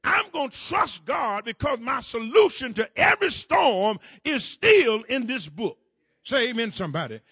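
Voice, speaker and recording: A man preaching a fervent sermon, repeating words in rhythm, rising into shouts and calling on the congregation to answer. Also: very high voice, very animated, normal speed, slightly rough, no room sound. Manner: call-and-response with the congregation. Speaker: pastor.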